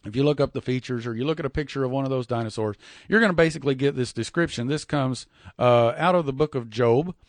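A man's voice: medium pitch, no room sound. Folksy preacher man, dry sound. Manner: folksy, repeats words, reads scripture slowly and deliberately. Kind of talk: sermon-style Bible teaching.

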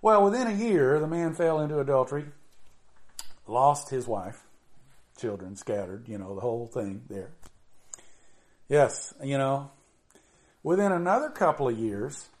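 A middle-aged man preaching an informal sermon in a conversational way, with drawn-out emphasis and many "you know"s. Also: mid-range voice, expressive, darkish tone.

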